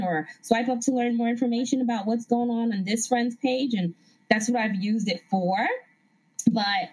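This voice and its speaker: A middle-aged woman from the Bronx, a guest telling rambling, animated stories in a casual interview. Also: a little high, husky, low-quality recording. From the Bronx, New York. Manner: animated, rambling storyteller with frequent laughs.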